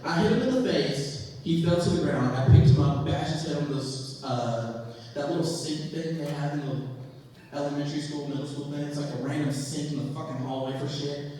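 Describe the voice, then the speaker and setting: Brief: young male comic, lively storytelling full of cursing, reverberant hall with a faint murmur behind. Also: a little high, a little fast, a little hiss or hum. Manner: animated, profane, acts out voices. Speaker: stand-up comedian. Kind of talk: stand-up comedy storytelling. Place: comedy stage in a hall. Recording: echoey hall, voice from far off.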